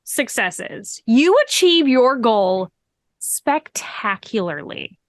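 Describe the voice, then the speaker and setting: A woman's voice: on the high side, big pitch swings, slow, no room sound. A woman narrating as game master of a tabletop game, playful and laughing often.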